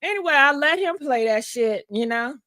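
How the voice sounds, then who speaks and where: A woman's voice: high-pitched, lively intonation, normal speed, pushed and bright, dry recording, clean studio sound. A woman vlogger casually telling a personal story to her viewers, frank and profane, laughing often.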